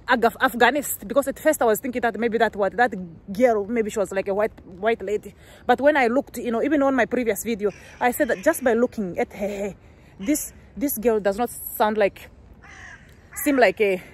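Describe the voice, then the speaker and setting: A young woman from Namibia, a gossip vlogger, delivers a heated, rambling rant straight to her viewers. Her voice sits a little high, and she keeps stumbling into restarts and rhetorical "what"s as she pushes her points. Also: a little mellow. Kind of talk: ranting commentary to the camera. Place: living in Sweden.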